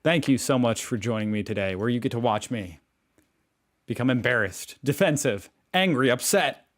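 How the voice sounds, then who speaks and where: An American man hosting a reaction video in a casual, wry, self-deprecating way, with lifts in pitch on the words he stresses. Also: lively intonation, normal speed. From United States. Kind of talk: casual vlog commentary.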